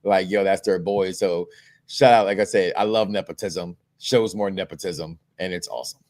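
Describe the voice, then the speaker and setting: Low-voiced man in relaxed wrestling chat. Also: normal speed. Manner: relaxed, hesitant with ums, laughs along. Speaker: podcast co-host. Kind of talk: casual wrestling review chat.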